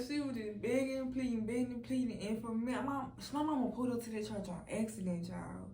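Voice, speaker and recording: A woman's voice: a little fast, gravelly, few pauses. Candid woman telling her story, roomy echo. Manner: candid, blunt, swears freely; often drops to a soft, low voice. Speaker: person giving a personal testimony. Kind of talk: emotional personal storytelling. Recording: roomy echo from a distant mic.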